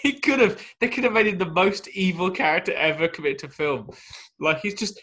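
A man's voice: high voice, expressive, fairly quick, bright, forceful tone. A man talking enthusiastically about a movie character on a podcast, often trailing off mid-thought. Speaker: podcast co-host. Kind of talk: casual movie-review chat.

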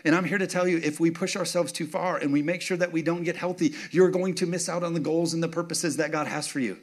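A man's voice: a little high, fairly even intonation, fast talker. Chatty pastor man telling stories. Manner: conversational, repeats phrases for emphasis, asks for amens. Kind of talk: sermon with personal stories.

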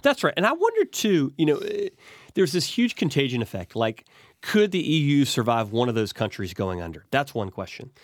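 A man's voice: mid-range voice, wildly swooping pitch, a little fast, no room sound. A man in his forties, a guest from an investment firm, agreeing readily and thinking aloud about markets with frequent restarts. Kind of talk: conversational finance interview.

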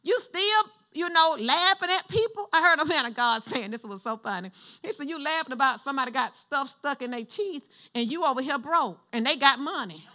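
High bright-voiced woman preaching a sermon. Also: expressive, brisk. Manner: call-and-response preaching, asking the congregation to finish lines. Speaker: pastor. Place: church.

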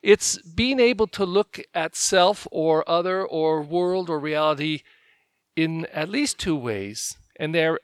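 Storytelling pastor with a fairly high voice. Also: male voice, takes it slowly, clean tone, dry recording. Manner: storytelling, animated when quoting others. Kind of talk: conversational homily.

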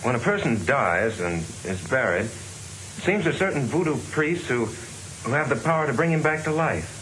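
A man in an old film clip, gravely explaining something. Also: medium pitch, lively intonation, normal speed, fairly bright tone, slight background noise, close to an everyday voice, poor audio.

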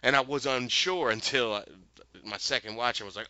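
A man's voice: mid-range voice, normal speed, pushed and bright, smooth, no room sound, lo-fi sound. A man hosting a podcast who casually recaps a TV episode, rambling with fillers and self-corrections and acting out the characters' lines. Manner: retells scenes, quoting characters' lines.

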